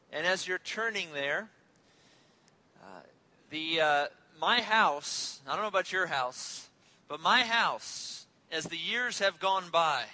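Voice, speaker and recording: A man's voice: high-pitched, sharp tone, rough recording. A man in his thirties preaching a sermon as a pastor, conversational and joking, telling family stories.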